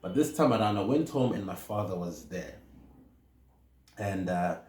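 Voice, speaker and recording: A man with a South African accent, a counselling psychologist, telling a personal story in a measured, hesitant way with many fillers. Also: sits low, animated, a little mellow. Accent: South African English. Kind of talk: reflective personal talk. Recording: echoey room with faint noise.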